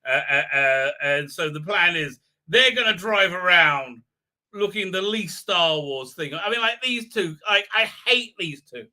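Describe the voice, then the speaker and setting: This man hosts a live stream, talking through a show in a rambling, mocking way loaded with filler. His voice is very bright and ringing, slightly high for a man, expressive and measured in pace, and he often lapses into goofy put-on voices as the show host.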